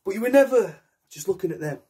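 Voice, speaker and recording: A young man delivers a solo theatre monologue in a raw, intense voice, switching between characters as he speaks. His voice sits high, and it carries a husky edge. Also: lively intonation, quick pace, dark tone. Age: young adult. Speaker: actor.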